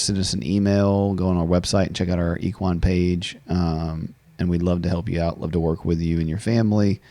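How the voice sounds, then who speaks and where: Low, dark-voiced man hosting. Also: no room sound. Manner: reflective, repeats words while thinking. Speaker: podcast host. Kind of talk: conversational interview.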